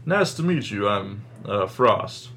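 A man voicing a dry, deadpan male bounty hunter in a tabletop game. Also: on the low side, takes it slowly, exaggerated voice.

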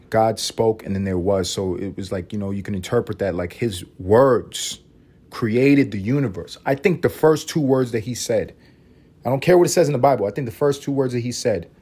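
Profane joking man with a dark husky voice. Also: fairly low pitch. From Puerto Rico. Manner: animated, profane, riffing with sudden loud bursts. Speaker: podcast host. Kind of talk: casual comedic monologue.

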